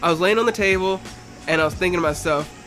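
A man's voice: sits high, quick pace. A young man in casual chat, telling a profane story and acting out what everyone said, with light music behind. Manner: animated, profane, acts out quotes.

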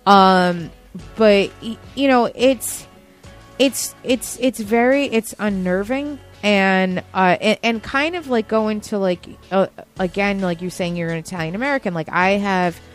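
A woman comedian in casual panel talk, animated and full of quick restarts. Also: mid-range voice, faint music behind.

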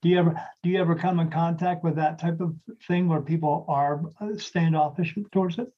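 A man who works as a spirit medium, chatting casually and rambling through a story, often clearing his throat. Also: fairly high pitch, fairly even intonation, fairly quick, muffled recording. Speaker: spirit medium, podcast co-host.

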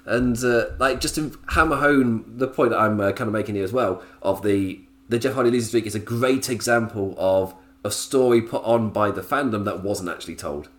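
A man's voice: fairly low pitch, moderate pace, hardly any pauses. A man hosting a casual solo podcast review, chatty, laughing often and drifting into tangents. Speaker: podcast host reviewing wrestling.

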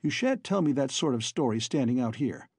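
A man's voice: medium pitch, expressive, a little fast, a little mellow, breathy edge, dry recording, clean studio sound. A man reading a curt, formal hacienda master. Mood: hospitable. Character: wary, well-groomed hacienda master, a father.

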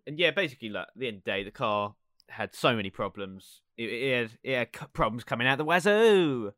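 Young man, podcast co-host, bright dry voice, rambling and laughing. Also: medium pitch, lively intonation, quick pace, no echo. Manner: rambling, laughing often, many fillers. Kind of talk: casual chat, storytelling.

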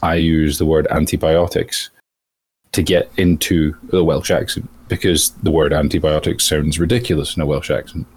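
A man talking as a voice actor guest in a casual interview, thoughtful and halting, often restarting his sentences. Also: rumbling low, flat delivery, darkish tone, a little hiss or hum. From outside the United States.

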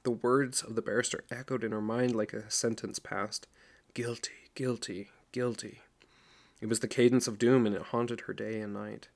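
A middle-aged man reading a novel aloud as narrator, in a steady storytelling voice. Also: lowish voice, gravelly. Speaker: audiobook narrator. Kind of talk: scripted narration.

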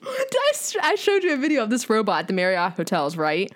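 A young woman chats as a podcast guest, spinning a long, animated anecdote. She rambles and leans on "like" constantly, with a middle-pitched, everyday voice. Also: fast talker. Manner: animated, rambling, heavy use of "like". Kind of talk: casual chat, storytelling.

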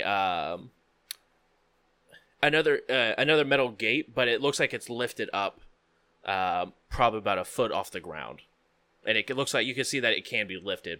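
Guiding a tabletop adventure, this game master has a fairly low, clear, resonant voice that still comes across bright and clean-edged. His scene descriptions are halting and dotted with filler pauses, recorded close and dry without echo or much room.

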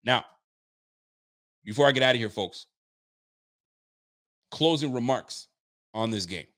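A man's voice: medium pitch, animated, measured pace, a bit bright. A man from Nova Scotia casually chatting on his livestream, hyped and loose, repeating himself as he talks to viewers. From Nova Scotia, Canada. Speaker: sports fan streamer.

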